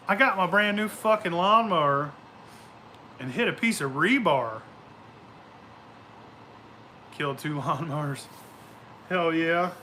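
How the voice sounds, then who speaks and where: Man, casual vlogger, tense bright voice, swears a lot, rambles and laughs through his stories. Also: high voice, slight background noise. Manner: profane, rambling, laughing storyteller. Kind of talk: casual chat. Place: outdoors at home.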